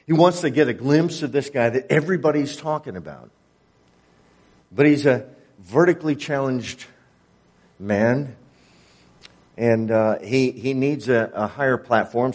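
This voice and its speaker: A man's voice: mid-range voice, darkish tone. A male preacher delivering a sermon, telling a story with acted-out dialogue.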